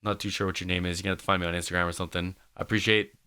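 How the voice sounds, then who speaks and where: Bright, clear-voiced rambling male reactor. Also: deep voice, flat delivery, very fast. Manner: rambling, full of "like" and "man". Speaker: music reaction host. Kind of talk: casual reaction commentary.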